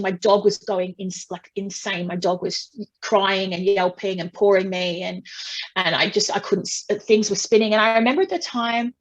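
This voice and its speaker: Woman guest on a talk, mid-pitch voice, talks frank and a bit self-mocking, lots of ums and restarts. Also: low-quality recording. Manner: frank and self-deprecating, many fillers and restarts. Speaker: interview guest. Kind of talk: candid personal storytelling.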